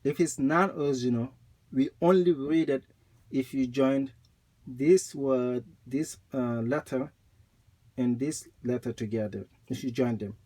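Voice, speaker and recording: A man teaching Quran recitation rules, explaining slowly and repeating points, with recited examples. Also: mid-range voice, mellow.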